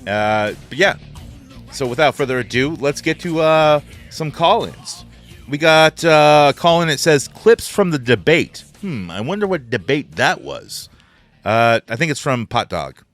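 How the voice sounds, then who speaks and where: A man's voice: fairly high pitch, lively intonation, a little slow, a bit bright, soft background music. A man hosting a podcast in a casual, crude and joking way. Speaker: podcast host. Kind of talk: casual chat.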